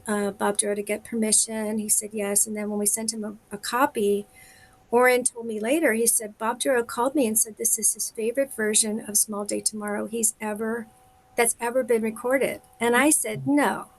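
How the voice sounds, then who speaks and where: Chatty woman telling a story. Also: a little high. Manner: animated storyteller, quick asides and laughs. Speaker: singer, guest. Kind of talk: casual chat, storytelling. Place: home, live video stream. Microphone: video call.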